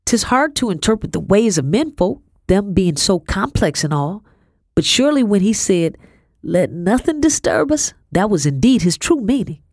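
A woman voicing a young kitchen servant who speaks slowly with mock-innocent, pointed questions. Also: medium pitch, big pitch swings, darkish tone, no room sound, studio quality, voice pushed up. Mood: sly.

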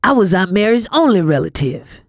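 A woman's voice: mid-range voice, sing-song, fairly quick, no room sound, clean studio sound, pitched above the performer's own voice. A woman reading a storybook, voicing a harsh grown man who owns slaves and speaks in curt commands. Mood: cold, commanding.

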